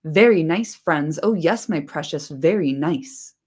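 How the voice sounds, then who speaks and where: A woman's voice: low voice, expressive, a little slow, darkish tone, husky, heavily acted. A woman doing a hissing, wheedling creature. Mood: bitter, wheedling. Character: sly hissing male creature, wheedling and bitter.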